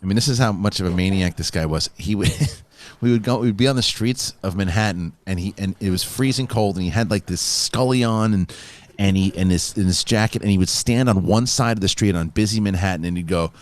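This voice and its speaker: A man hosting a live show, telling stories in a casual, animated way with frequent laughs. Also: sits low, a little fast. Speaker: host. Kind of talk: casual chat.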